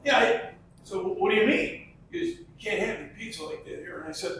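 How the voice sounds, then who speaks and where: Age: unknown. Sex: man. Trait: high voice, distant and echoey. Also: sing-song, fast, a bit bright, a little hiss or hum. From Chicago. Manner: acts out the voices in his story. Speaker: restaurant customer. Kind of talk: animated anecdote telling. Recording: echoey room, far from mic.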